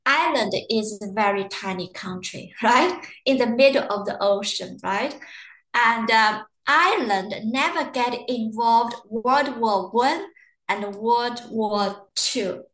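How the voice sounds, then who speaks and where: Woman presenter, chatty and anecdotal, slightly high pitch, recorded with room echo. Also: fairly bright tone. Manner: chatty, storytelling with acted quotes. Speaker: university webinar presenter. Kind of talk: casual webinar talk. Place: living in Ireland.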